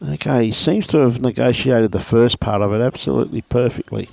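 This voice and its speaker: A man's voice: mid-range voice, fairly quick, gravelly, music in the background. A middle-aged man with an Australian accent commentating lawn bowls live, laid-back and jokey, calling people mate. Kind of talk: live sports commentary with banter.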